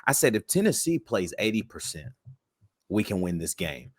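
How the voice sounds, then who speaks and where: A man's voice: sits low, sing-song, normal speed, slightly rough, no room sound, studio quality. A man co-hosting a sports podcast in a hyped, slangy, casual way. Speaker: podcast co-host.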